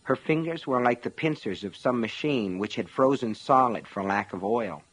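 A man's voice: mid-range voice, normal speed, fairly bright tone, husky. Man narrating an audiobook. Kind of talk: scripted narration.

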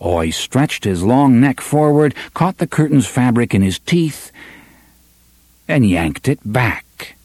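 A man narrates a novel with expressive, dramatic storytelling, speeding up and slowing down for effect. His voice is husky and mid-pitched with a lively melodic range. The recording is dry and close. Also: no echo. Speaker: audiobook narrator. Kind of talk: scripted narration.

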